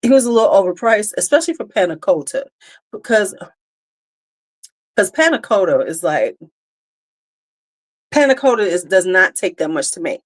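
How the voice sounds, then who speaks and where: A woman hosting a relaxed livestream who talks straight to her audience. Her speech is casual and animated, with frequent "right?" and "y'all". She sits at a middle pitch and her tone stays loose and conversational. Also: normal speed, long pauses. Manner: chatty, animated, talks to viewers directly. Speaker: livestream host.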